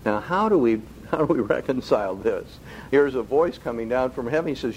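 A man preaching a sermon who keeps asking the congregation rhetorical questions and slows down to stress key phrases. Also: medium pitch, lively intonation, a little mellow, muffled recording, slight background noise. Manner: slow, deliberate emphasis on key phrases.

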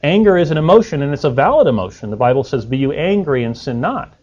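A man's voice: fairly high pitch, sing-song, quick pace, a little mellow. A man preaching a sermon in a conversational way, putting rhetorical questions to his listeners. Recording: dull lo-fi recording.

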